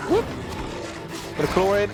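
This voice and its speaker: Excitable British streamer. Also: male voice, high voice, a little slow, music in the background. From Britain. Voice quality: excitable, chatty, laughs often. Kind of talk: casual gameplay commentary.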